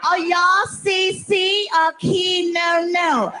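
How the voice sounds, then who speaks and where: A man putting on the voice of a stern female school principal who shouts and sing-songs her scolding. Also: extremely high pitch, flat delivery, slow, faint music behind, pitched above the performer's own voice, full character voice.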